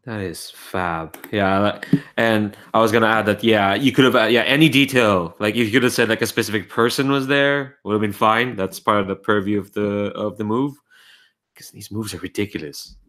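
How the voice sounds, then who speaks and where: A man narrating a tabletop game as game master, describing scenes in a halting way with many fillers. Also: fairly low pitch, fairly even intonation, a bit bright.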